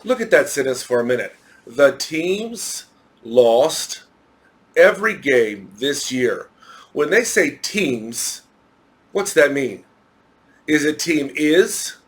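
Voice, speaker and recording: A man's voice: fairly high pitch, big pitch swings, takes it slowly. A man with an American accent teaching an English grammar lesson, explaining step by step and spelling words out letter by letter.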